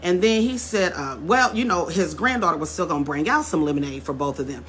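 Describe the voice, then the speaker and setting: A woman's voice: on the low side, expressive, fairly quick, fairly bright tone, a little hiss or hum. A woman telling a story straight to her viewers in a casual vlog, calling them y'all, repeating words as she goes and building to emphatic points. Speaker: vlogger. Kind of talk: casual direct-to-camera storytelling.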